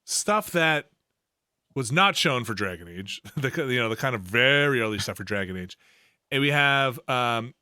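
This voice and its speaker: A man's voice: medium pitch, lively intonation, normal speed, bright, forceful tone, clean tone, no room sound, clean studio sound. A man co-hosting a casual podcast chat, riffing animatedly and laughing often. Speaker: podcast co-host.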